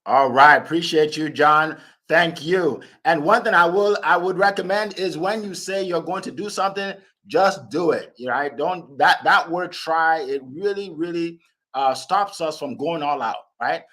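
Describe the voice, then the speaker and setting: Upbeat man hosting a call, slightly high. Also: normal speed, sharp tone. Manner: upbeat, hyped, laughing. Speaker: host. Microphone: phone or computer on an audio call.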